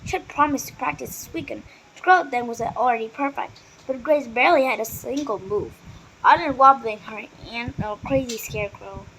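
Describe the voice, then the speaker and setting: A woman reading a children's book aloud, steady with small slips and restarts. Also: fairly high pitch, a little fast, a little hiss or hum, low-quality recording. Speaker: reader.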